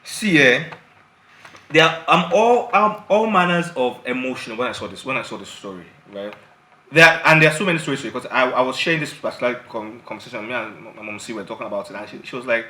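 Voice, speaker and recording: A man, co-hosting a casual panel chat, expressive and laughing through his stories. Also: medium pitch, fast talker, reverberant, low-quality recording. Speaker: show co-host.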